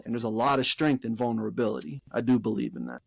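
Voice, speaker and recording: A young man chats on a podcast in an easy, slangy way, full of fillers and the odd curse. His voice sits at an ordinary pitch. The sound is dry and close, with little room around it. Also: quick pace, gravelly, slightly rough, dry recording. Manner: relaxed slangy talk, heavy fillers and swearing. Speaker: podcast co-host. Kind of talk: casual chat.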